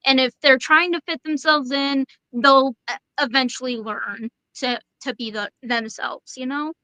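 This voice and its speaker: A woman's voice: high-pitched, steady tone, measured pace, bright, forceful tone, no echo, poor audio. A woman in her twenties, a podcast guest, speaking casually and hesitantly with many fillers and restarts. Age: 20s. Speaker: interview guest. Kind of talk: casual interview chat.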